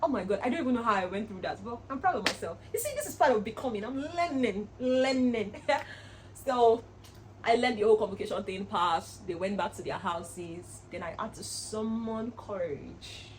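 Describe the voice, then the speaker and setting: A young woman in her twenties, a vlogger telling a personal story to camera in an earnest, animated way. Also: mid-range voice, a little fast, a little hiss or hum, rough recording. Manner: earnest, animated, with laughs and reenacted quotes.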